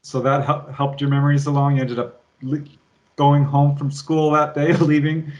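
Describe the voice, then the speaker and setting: A man's voice: fairly high pitch, flat delivery, moderate pace, darkish tone, dull audio. A man hosting an interview, summing up the guest's story and steering it with questions. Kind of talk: conversational interview.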